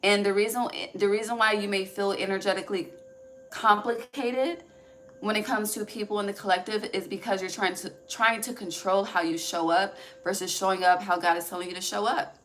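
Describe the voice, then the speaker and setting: A woman's voice: medium pitch, level tone, brisk, hardly any pauses, fairly bright tone, a little hiss or hum. A woman giving a casual, rambling tarot reading, laughing often and trailing off mid-sentence. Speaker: tarot reader.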